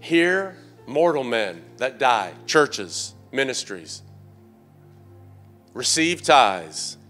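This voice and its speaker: A middle-aged man preaching a sermon as pastor in a church, calling out to the congregation and rising from low confiding tones to loud shouts. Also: very animated, drawn-out words, soft background music. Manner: call-and-response preaching, surging to shouts.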